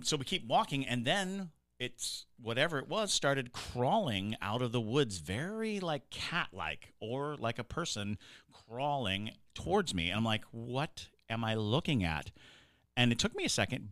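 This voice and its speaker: A man's voice: medium pitch, very animated, moderate pace, a bit bright, no room sound, clean studio sound. A man co-hosting a podcast, chatting casually and rambling with fillers and restarts as he tells stories. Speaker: podcast co-host.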